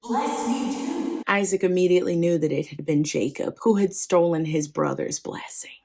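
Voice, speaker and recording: Woman host, chatty storyteller, slang-heavy asides, lowish voice. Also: fairly quick, creaky, darkish tone. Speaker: podcast host. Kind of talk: casual Bible story retelling.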